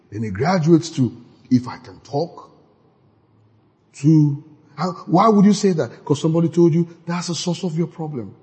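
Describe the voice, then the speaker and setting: A man preaching a sermon in an animated way, now and then shouting out quoted lines. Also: fairly high pitch, slightly rough. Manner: animated, acts out quoted voices with sudden shouts. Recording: long hall reverb.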